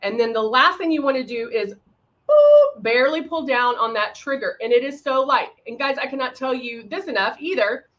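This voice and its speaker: Chatty woman, bright livestream voice. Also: sits high, brisk, few pauses. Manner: chatty, greets viewers by name, many fillers. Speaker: makeup demonstrator hosting a livestream. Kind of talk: live makeup tutorial chat. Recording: slightly dull livestream audio.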